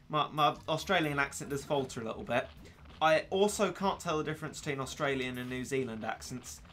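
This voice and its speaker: A young English man chatting casually while he streams a game, rambling and joking at his own expense. His voice is bright and sits on the high side for a man. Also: lively intonation, moderate pace, soft background music. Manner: rambling, self-deprecating, laughs often. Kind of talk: casual gaming commentary.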